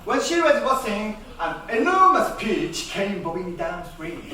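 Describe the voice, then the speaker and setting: A man's voice: high-pitched, sing-song, measured pace, pushed and bright, a little hiss or hum. A man with a Japanese accent telling a comic story on stage, playful and self-mocking. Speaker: rakugo storyteller. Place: theater stage. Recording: echoey theater, mic far off.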